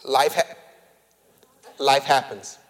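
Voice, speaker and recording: A man preaching a sermon, moving from hushed, whispered lines to loud, emphatic calls, stretching words for emphasis and calling his listeners family. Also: mid-range voice, steady tone, takes it slowly. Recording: long reverb of a large hall.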